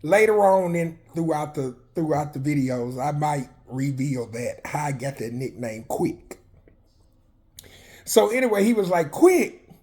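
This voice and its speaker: A man from Arkansas, casually telling personal stories in a flamboyant, animated, profane way. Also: on the high side, a little slow. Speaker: vlogger.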